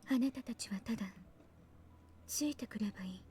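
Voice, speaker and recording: A woman voicing a cold, terse young woman with a gun in a game, in a whispered role-play, talking in a flat, emotionless hush. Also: a little high, rapid-fire, slight background noise, close to an everyday voice. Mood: cold threatening.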